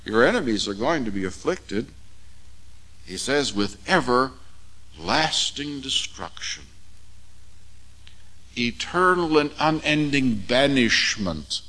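A man preaching an expository sermon, measured and emphatic, with deliberate pauses on key words. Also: medium pitch, sharp tone, low-quality recording.

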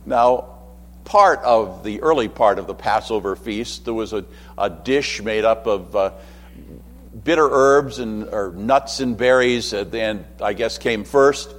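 A man's voice: on the low side, animated, measured pace, in a large hall. A man preaching a sermon in a conversational way, with asides and acted-out quotes.

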